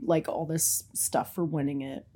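A woman co-hosting a podcast in casual chat, animated and laughing, often trailing off mid-sentence. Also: deep voice, unhurried, slightly rough. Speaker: podcast co-host.

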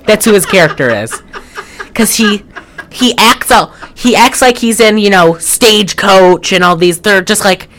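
A woman's voice: medium pitch, big pitch swings, slow pace, pauses often, fairly bright tone, a little hiss or hum. A woman co-hosting a podcast, reviewing a movie in casual, rambling chat and swearing offhand. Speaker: podcast co-host.

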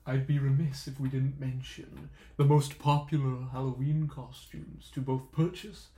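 A man's voice: medium pitch, flat delivery, unhurried, mellow, echoey room. A man co-hosting a comedic podcast, joking around playfully and theatrically. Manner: playful, theatrical, breaks into spooky voice bits. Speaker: podcast co-host.

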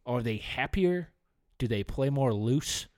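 A man co-hosting a podcast in casual sports chat, dropping to low mumbles and then rising into excited outbursts. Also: a little slow, no echo, studio quality. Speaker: podcast co-host.

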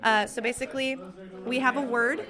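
A woman's voice: high voice, fairly even intonation, a little fast. A woman organizing an improv group, explaining a game casually with friendly hesitations. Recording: loud crowd in a live room.

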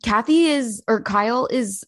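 A woman co-hosting a podcast, telling stories in a casual, animated way. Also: on the high side, unhurried. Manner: animated storyteller, mimics people. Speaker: podcast co-host. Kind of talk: casual chat.

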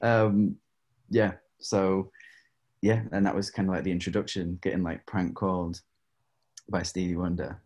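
A man's voice: sits low, moderate pace, pauses often, breathy edge. A man, a singer, telling stories in a casual interview, full of fillers and laughs. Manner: animated, laughs often, many fillers. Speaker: guest singer.

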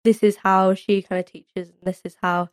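Giggly woman, smooth clear voice. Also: mid-range voice, flat delivery, moderate pace, no echo, clean studio sound. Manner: rambling, giggly, reflective. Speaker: Pilates teacher guest. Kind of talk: casual interview chat.

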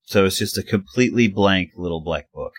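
A man's voice: sits low, fairly quick, no room sound, clean studio sound. A man playing his character in a tabletop role-playing game, hesitant and stammering, with a nervous edge. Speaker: player.

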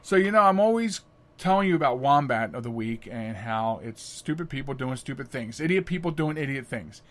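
A middle-aged man hosting a podcast, telling stories casually, chatty and animated, often laughing. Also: mid-range voice, a little fast. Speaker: podcast host. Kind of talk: casual storytelling monologue.

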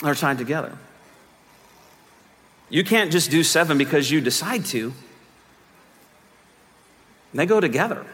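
Guy pastor preaching, high voice, goes quiet then fired up, echoey church hall. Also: expressive, measured pace, pauses often. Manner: builds from quiet teaching to fervent, near-shouted appeals. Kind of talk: sermon.

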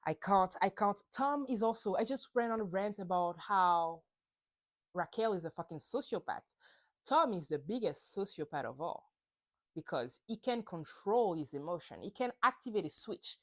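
Casting: young woman podcaster, swinging, expressive pitch, fired-up and swearing as she recaps. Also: moderate pace, low-quality recording. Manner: heated, profane ranting. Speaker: podcast host. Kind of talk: solo reality TV recap.

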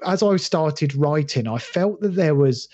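A man's voice: fairly high pitch, expressive, unhurried, dark tone, no echo, muffled recording. A middle-aged man answering interview questions earnestly, often restarting his sentences. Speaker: podcast guest, author.

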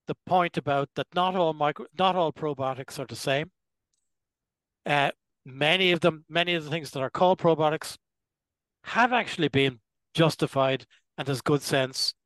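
An older man, a gastroenterologist, giving measured, explanatory interview answers and clearing his throat now and then. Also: fairly high pitch, fairly bright tone, no room sound, poor audio. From Ireland. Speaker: gastroenterologist guest.

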